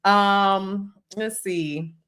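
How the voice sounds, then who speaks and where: Woman co-host, easygoing, reads viewer messages, drifts off mid-sentence; mid-pitched everyday voice. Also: fairly even intonation, very slow, fairly bright tone, clean tone. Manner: chatty, loose, trails off mid-sentence. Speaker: podcast co-host. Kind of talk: casual panel chat, reading viewer messages.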